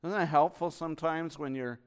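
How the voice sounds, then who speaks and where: Impassioned preacher man, smooth resonant voice. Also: a little high, a little fast. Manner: impassioned, swinging from hushed to loud. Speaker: pastor. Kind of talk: sermon.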